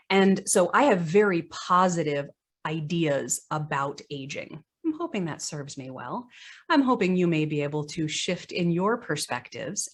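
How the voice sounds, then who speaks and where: A woman psychologist giving an online conference presentation. She speaks earnestly, asks rhetorical questions, and stumbles now and then. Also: medium pitch. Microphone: video call microphone.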